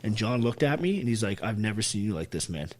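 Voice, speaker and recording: Very animated and fast, with a voice on the low side, a man who served in the army recounts his story on a podcast. The emotional telling is blunt and heavily profane, and he performs others' words as he quotes them.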